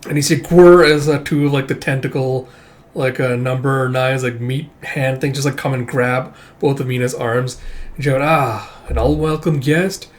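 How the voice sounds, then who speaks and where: This comic read-through host speaks at a moderate pace in a mid-range voice with fairly even intonation. His reading commentary is casual and rambling, packed with fillers and a bit of swearing.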